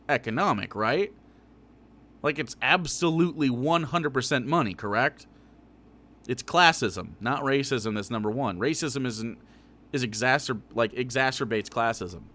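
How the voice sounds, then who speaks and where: A man's voice: fairly high pitch, fairly bright tone. A man live-streaming his reaction to a video, swearing freely, laughing and talking back at the screen.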